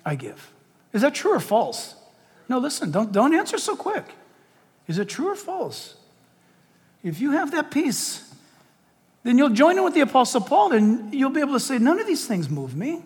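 A man preaching a sermon as pastor, impassioned and full of rhetorical questions, swinging from loud calls to quiet asides. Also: extremely high pitch, in a large hall. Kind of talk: outdoor sermon.

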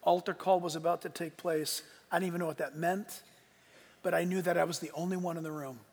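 An older man in his sixties preaches in a rather high voice, telling his story earnestly. He drops to a hush and then rises to emphatic peaks. A long reverb from the hall trails behind every phrase. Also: steady tone, fairly quick. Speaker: pastor. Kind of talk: sermon.

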